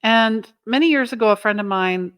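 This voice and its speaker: A woman's voice: fairly high pitch, moderate pace, a bit bright, clean tone, no echo. A woman host giving a motivational talk to her viewers, earnest and emphatic, often asking "right?". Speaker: self-help channel host.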